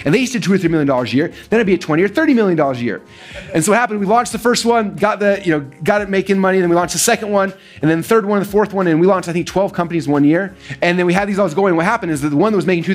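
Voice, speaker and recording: A man telling a business story to an audience, fast and animated, acting out the quoted lines of other people. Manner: fast, animated, acts out quoted dialogue with big pitch jumps. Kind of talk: energetic storytelling talk.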